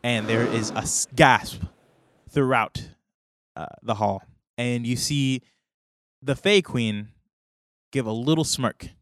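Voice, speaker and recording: A man's voice: medium pitch, slow pace, fairly bright tone, dry recording. Man, game master, tabletop narration, hesitant, dry close sound. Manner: hesitant, many ums and restarts.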